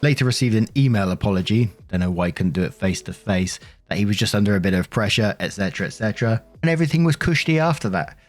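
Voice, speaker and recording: A man's voice: lowish voice, animated, quick pace, hardly any pauses. A man reading online stories aloud and adding his own reflective, conversational commentary with frequent fillers. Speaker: narrator and commentator. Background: faint background music.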